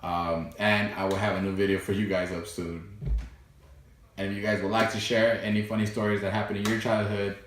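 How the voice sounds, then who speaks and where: A young man vlogging, telling childhood stories in a loose, animated way, full of fillers and laughs. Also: fairly low pitch, fairly quick, heavy reverb, far from the mic, a little hiss or hum. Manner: animated, laughs often, fillers like "you know" and "right". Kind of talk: casual storytelling to camera.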